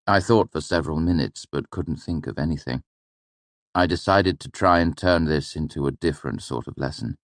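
A man narrating a first-person audiobook in a low, deep voice. His reading is measured and steady, recorded close in a dry space. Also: dry recording.

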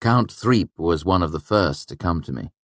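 Man, audiobook narration, first-person storytelling, lively intonation, low register. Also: normal speed, no room sound. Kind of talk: scripted narration.

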